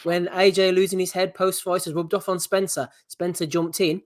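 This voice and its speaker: Brief: male co-host, slightly high voice, dry wit, runs the segment. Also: little pitch movement, normal speed. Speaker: podcast co-host. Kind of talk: reading a segment.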